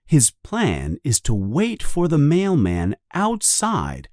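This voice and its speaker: A man narrating a simplified storybook for English learners, reading slowly with a lively, rising and falling delivery. His voice is dry and close, with no room around it. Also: a little high, dry recording. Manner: slow, clearly paced reading. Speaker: audiobook reader.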